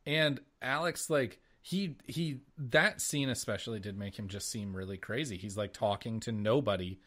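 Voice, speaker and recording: A man co-hosting a podcast, chatting casually in an animated way, swearing and laughing often. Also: fairly low pitch, moderate pace. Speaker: podcast co-host. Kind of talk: casual chat.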